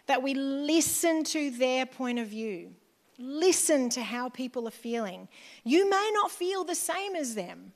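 A woman pastor with an Australian accent giving a chatty, conversational sermon in church, with asides to the congregation. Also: sits high.

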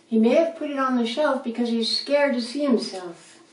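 A woman reading aloud puts on a tender mother hen from a storybook, lilting in rhymes and calling her chick sweet names. The voice sits higher than her own and carries from a distance through an echoing room. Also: moderate pace, lightly acted. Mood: tender, wise. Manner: soft rhyming sing-song counsel with pet names. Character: gentle motherly hen giving advice. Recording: roomy echo, voice from a distance.

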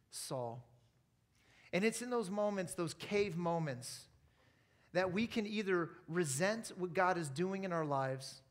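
A man preaching a sermon at a church service, telling a story in a lively way and acting out the lines of its people. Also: fairly high pitch. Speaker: pastor.

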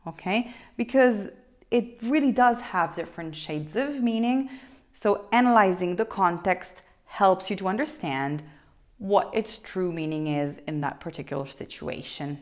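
A woman, a teacher giving a playful, expressive online language lesson with wide swings in intonation. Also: mid-range voice. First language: Italian. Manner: expressive, playful, shifts intonation widely for examples.

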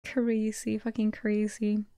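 A woman streaming a live reading of a web novel, breaking off to react with excited exclamations and swearing. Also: mid-range voice, slow pace, no echo.

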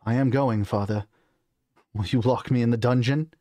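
A man's voice: medium pitch, fairly even intonation, normal speed, dark tone, dry recording, studio quality, natural voice. A man reading a determined young prince. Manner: firm, commanding. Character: determined young male prince, commanding and urgent.

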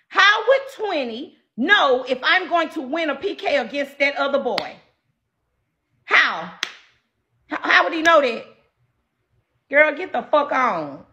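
Brash woman streamer, high and bright, ranting loudly and profanely at her live chat with a wildly swinging pitch. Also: sing-song, slow, long pauses. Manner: loud and combative. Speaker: livestreamer.

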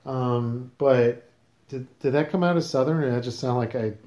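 A man's voice: mid-range voice, normal speed, warm tone, roomy sound. A man hosting a casual podcast, questioning his guest in a teasing, mock-serious way. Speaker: podcast host.

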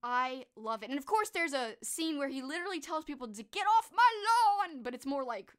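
A woman's voice: high voice, lively intonation, a little fast, fairly bright tone, clear, resonant tone. A young adult woman streaming, chatting casually and enthusiastically about favorite movies, gushing and restarting her sentences. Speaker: streamer and horror book host. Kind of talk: casual live-stream chat.

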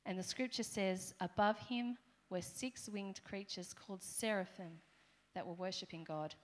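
A woman's voice: mid-range voice, fairly even intonation, a little slow. Woman preaching a conversational sermon. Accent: Australian. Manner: conversational, playful asides to congregation. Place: church hall.

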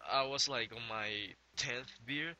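Young male vlog host, tipsy, rambling and profane, with a sharp, very bright voice. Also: mid-range voice, poor audio. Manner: rambling, swearing, laughing between lines. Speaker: gaming channel host. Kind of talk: casual profane vlog chat.

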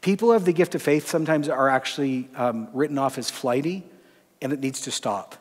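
Pastor teaching in a reverberant hall. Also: male voice, medium pitch, brisk. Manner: conversational, acts out dialogue, drops to soft tones. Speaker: pastor and lecturer. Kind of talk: sermon-style teaching with stories.

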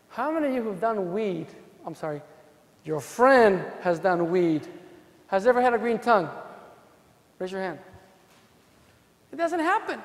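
A man with an accent giving an animated, joking conference talk to a room of lawyers. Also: very high-pitched. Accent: non-native English. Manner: animated, profane, jokes with the audience. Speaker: defense attorney presenting at a legal seminar. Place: hotel conference hall. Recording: long hall reverb.

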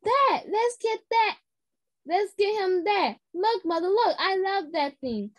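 A woman's voice: extremely high pitch, expressive, takes it slowly, dry recording, pitched above the performer's own voice, full character voice. A woman voicing an eager, bouncy little schoolgirl in a storybook read-aloud, squealing and gushing.

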